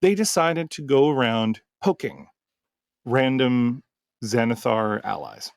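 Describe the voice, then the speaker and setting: Male game master and podcast host, gravelly, dry close sound, rambling casual storytelling. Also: mid-range voice, slow pace, no echo. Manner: rambling, full of fillers and restarts.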